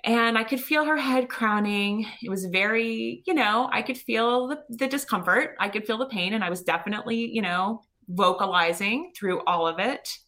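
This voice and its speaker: A woman guest on an interview show, telling her own story in a lively, chatty way with lots of "you know" and "like". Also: on the high side, moderate pace, few pauses. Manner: lively retelling with many "you know" and "like" fillers. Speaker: podcast guest. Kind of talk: personal storytelling.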